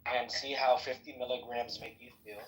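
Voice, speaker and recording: A man's voice: medium pitch, little pitch movement, moderate pace, distant mic. A man in casual podcast chat, earnestly explaining his coffee routine. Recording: echoey room with faint noise.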